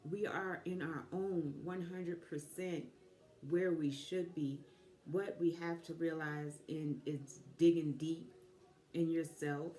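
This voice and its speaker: A woman in her fifties, a life coach giving a motivational talk, telling a personal story reflectively with pauses. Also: sits low, mellow. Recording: echoey room.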